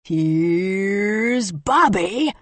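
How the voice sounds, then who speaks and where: A woman voicing a scruffy grown man with a heavy Southern twang, drawling slowly, in an audiobook. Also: sits high, lively intonation, no room sound, heavily acted. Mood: brash teasing. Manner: drawling and slow. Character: scruffy grown man, brash old friend. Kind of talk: audiobook character voice.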